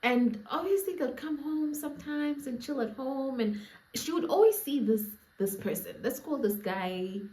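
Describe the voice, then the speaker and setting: Young Namibian woman, storytime vlogger, lively upper-register voice with lots of movement, roomy echo. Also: high-pitched, normal speed. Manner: animated, laughing, playful asides to viewers. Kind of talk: casual storytime chat. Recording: echoey room.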